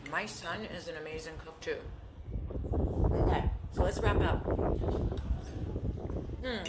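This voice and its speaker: Female vlogger, lowish pitch, conversational and rambling, noticeable background noise. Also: measured pace. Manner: chatty, repeats herself, talks with mouth full. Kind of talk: casual talk to camera while eating.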